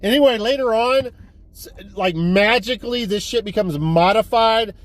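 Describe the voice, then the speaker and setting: A man with a fairly high voice retells a movie plot in a loose, rambling way, swearing freely and restarting his sentences. He sounds like a casual video review of a movie haul, with vehicle noise faintly in the background. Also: moderate pace, dry recording. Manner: rambling, profane, animated retelling. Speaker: movie collector vlogger.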